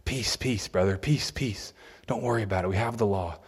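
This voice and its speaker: A man voicing soothing, smug male scribes who brush off warnings in a hushed, reassuring way. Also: lowish voice, fairly quick, husky. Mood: dismissive.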